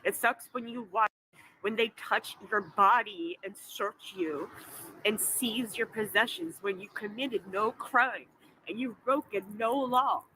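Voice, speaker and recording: A woman's voice: medium pitch, a little slow, sharp tone, a little hiss or hum, rough recording. A woman in her forties, upset and tearful, swearing as she talks into her phone in an emotional vlog after an arrest. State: crying. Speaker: vlogger.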